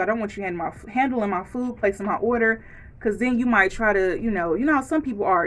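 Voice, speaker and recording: A woman's voice: mid-range voice, fairly bright tone. A woman ranting frankly to camera in a casual vlog, acting out quoted lines as she goes. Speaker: vlogger.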